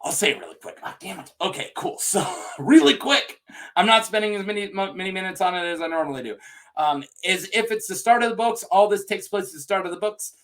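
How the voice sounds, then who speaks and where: A man riffing straight to camera in one long, unedited rant, loose and joking as if chatting with a friend. His voice sits a little high and swings widely up and down. He talks freely and laughs his way through the restarts. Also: lively intonation, fast, a bit bright. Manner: rambling, jokey, improvised, with restarts and laughs. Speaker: video creator talking to viewers.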